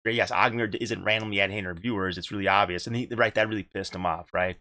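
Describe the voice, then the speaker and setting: A man's voice: lowish voice, steady tone, quick pace, sharp tone, no room sound. A man hosting a casual gaming podcast, rambling and repeating himself, with casual swearing. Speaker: podcast host and streamer.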